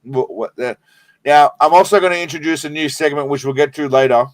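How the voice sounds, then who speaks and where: A man's voice: on the high side, fairly quick, no echo. An Australian man hosting a live stream, rambling and swearing in a laid-back way while stoned. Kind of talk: casual live stream chat.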